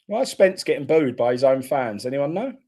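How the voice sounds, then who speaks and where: A man's voice: mid-range voice, animated, a little fast, warm tone. A man hosting a live football watchalong, chatting casually and reacting bluntly to the play.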